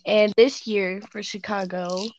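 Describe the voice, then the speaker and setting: A woman's voice: medium pitch, flat delivery, measured pace, a little mellow, a little hiss or hum. A woman with a Southern US accent, a guest chatting in an easygoing, giggly way. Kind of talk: casual interview chat.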